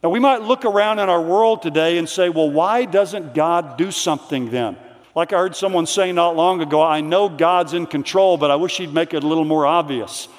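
Earnest preacher in a reverberant hall. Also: male voice, on the high side. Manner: earnest, reads quotes slowly. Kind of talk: conference sermon. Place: large hall.

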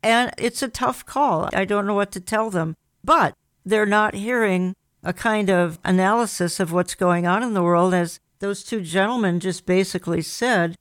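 A man's voice: sits high, moderate pace, few pauses, a bit bright, clean tone, no echo. A man hosting a religious talk program, speaking directly and conversationally to his listeners. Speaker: radio program host.

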